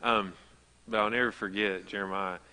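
A man's voice: lowish voice, fairly even intonation, normal speed, bright, forceful tone, clear, resonant tone, big-room sound. A man preaching a sermon as pastor, telling stories in a conversational way that builds to emphatic. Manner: conversational storytelling, rising to emphatic. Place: church sanctuary.

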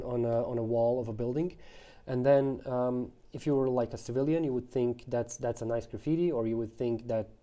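Dark-voiced man explaining a protocol. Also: mid-range voice. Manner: thoughtful, explains with analogies, frequent fillers and restarts. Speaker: protocol founder explaining his project. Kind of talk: explanatory talk to camera.

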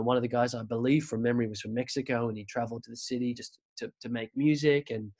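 A man's voice: mid-range voice, darkish tone. A man from Australia with an Australian accent, a guest telling rambling stories in a casual interview chat. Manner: rambling storyteller, many restarts. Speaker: podcast creator, guest.

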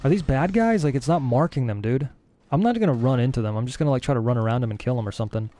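A man giving excitable, chatty commentary while playing a video game. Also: mid-range voice, racing. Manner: excitable, chatty, says dude a lot. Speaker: gaming streamer. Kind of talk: casual gameplay commentary.

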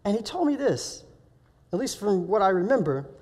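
A man speaking at a week of prayer, telling a personal story in a sermon and acting out the dialogue with lively swings of voice. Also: sits high, moderate pace. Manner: animated, acts out dialogue in his story. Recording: reverberant hall.

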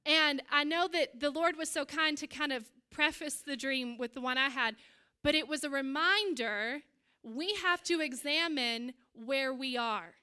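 A middle-aged woman preaches a sermon from a church stage. She tells stories with animation and energy. Her voice sits high and sounds bright and forward. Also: unhurried. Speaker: pastor.

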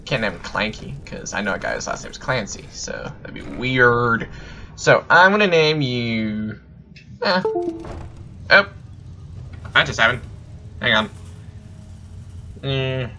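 A man's voice: medium pitch, big pitch swings, slow, long pauses, bright, forceful tone, a little hiss or hum. A man casually commentating his own video game playthrough, chatty and rambling. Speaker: gaming video host. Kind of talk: casual let's-play commentary.

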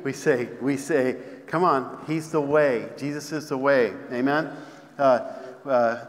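A man's voice: mid-range voice, fairly even intonation, slow pace. A man preaching a sermon, repeating phrases, stumbling over restarts and calling out to the congregation. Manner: repetitive call-and-response preaching, many restarts. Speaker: pastor. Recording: long hall reverb.

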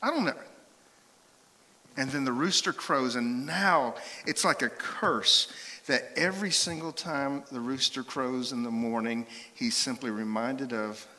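Bright lively male pastor in a reverberant hall. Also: mid-range voice, unhurried. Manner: lively, playful with the congregation. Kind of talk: sermon. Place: church sanctuary. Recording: hall reverb in a church sanctuary.

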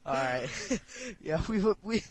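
A male podcast host with a fairly high voice, chatting casually and joking as he reads out listener stories. He laughs often between lines. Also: expressive, takes it slowly, noisy background. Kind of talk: casual chat, reading listener stories aloud.

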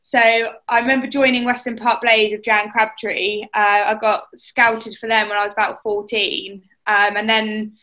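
A woman's voice: medium pitch, flat delivery, moderate pace, hardly any pauses, bright, forceful tone, poor audio. A young woman from England, a netball player, telling stories in a casual chat and acting out what people said. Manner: chatty storytelling, acts out quotes.

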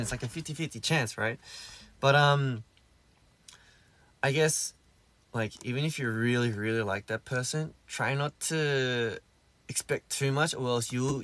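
A man's voice: mid-range voice, fairly bright tone. A young man in his twenties with an Australian accent, hosting a casual live stream and answering viewer comments in a rambling, easygoing way full of fillers. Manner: rambling, loose and easygoing, many fillers and restarts.

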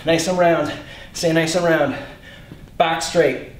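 Man, fitness coach, counts reps, short commands, unhurried delivery, faint background rumble. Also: level tone, echoey room. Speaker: fitness instructor. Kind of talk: coaching a home workout.

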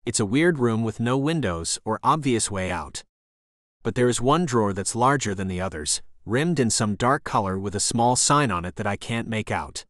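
A male audiobook narrator reads a romance thriller in the first person with lively, expressive pitch. His delivery is dramatic, and the recording is dry and close-miked. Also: moderate pace, dry recording.

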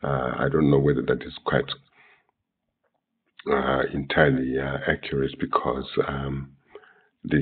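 A man teaching from the Bible, reading verses from different translations in an unhurried, halting way, with many fillers, self-corrections and throat-clearing. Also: a bass voice. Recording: distant, tinny phone-like sound.

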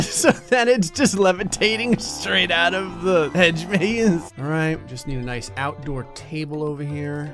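A man's voice: on the high side, fairly bright tone. Sarcastic young man commenting on a game. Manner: sarcastic, darkly joking, laughs often. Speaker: gaming commentator.

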